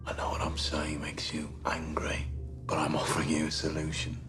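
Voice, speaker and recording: An actor playing a cold, controlled gang boss negotiating a deal, quiet and measured. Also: male voice, a bass voice, completely flat delivery, over music. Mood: level. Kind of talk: television crime drama.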